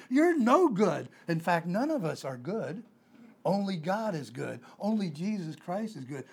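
A man's voice: high voice, darkish tone. A man preaching a conversational sermon, emphatic and repeating his key phrases.

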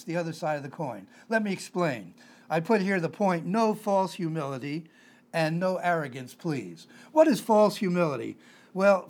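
A man delivers a conversational sermon in a noticeably high voice. He leans on emphasis and circles back to repeat his main points. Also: darkish tone. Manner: emphatic, repeats key phrases. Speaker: preacher.

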